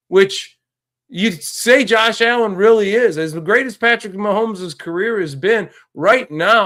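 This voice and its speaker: Slightly high-voiced man ranting about football. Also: normal speed, a bit bright. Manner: ranting, frustrated, with many restarts. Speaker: podcast host. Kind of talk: casual sports talk podcast.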